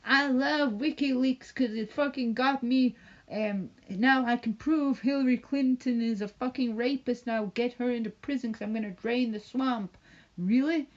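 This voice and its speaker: A woman's voice: fairly high pitch, fairly even intonation, normal speed, muffled recording. A woman streaming live from home, ranting casually in a rambling, profane and mocking way. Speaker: livestreamer. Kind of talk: casual livestream rant.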